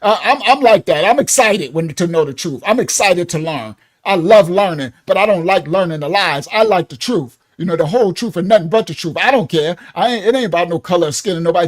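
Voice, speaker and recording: High-voiced, excitable male Bible teacher. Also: fairly quick. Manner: excitable, gets loud, keeps checking in with listeners.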